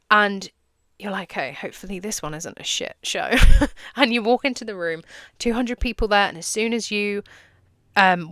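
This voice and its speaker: A young woman talks through her podcast in a loose, chatty monologue, cursing casually and laughing as she acts out little scenes. Her voice sits on the low side and sounds smooth and clear. The recording is close and dry. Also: a bit bright, no room sound. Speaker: podcast host and business coach.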